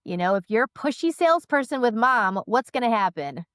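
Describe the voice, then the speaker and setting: A woman's voice: fairly high pitch, sing-song, a little fast, no echo, clean studio sound. A woman in her thirties, a sales trainer, telling stories animatedly and repeating phrases for emphasis as a podcast guest. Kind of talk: podcast interview, storytelling.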